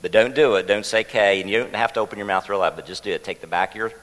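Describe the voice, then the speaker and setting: A man's voice: lowish voice, fast talker, long reverb tail, low-quality recording. A man preaching a sermon as pastor, teaching with light jokes and getting the congregation to repeat a word with him. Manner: warm, joking teacher leading the congregation. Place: church sanctuary.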